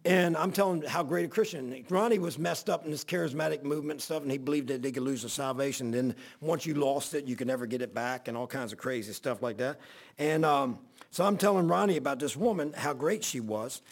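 A man's voice: mid-range voice, a little fast. A middle-aged man, a pastor, telling a long folksy story in a rambling sermon. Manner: folksy, rambling anecdotal preaching.

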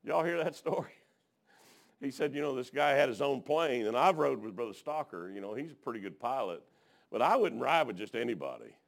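A man's voice: mid-range voice, big pitch swings, a little fast, gravelly. A middle-aged man, preaching a sermon in a folksy, colloquial, fervent storytelling style.

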